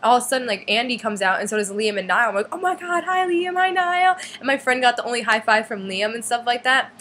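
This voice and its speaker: A teenage girl rattles off a story to her camera in a chatty, bright voice. She fills it with "like" and pops up into a higher voice for the lines she quotes. Faint noise hums behind her. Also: steady tone, fast talker. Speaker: fan vlogger. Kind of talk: casual storytelling vlog.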